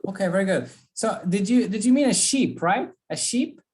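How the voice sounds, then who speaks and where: A woman's voice: medium pitch, lively intonation, normal speed, darkish tone. A woman teaching an English speaking class, giving students prompts and drilling pronunciation by repeating words.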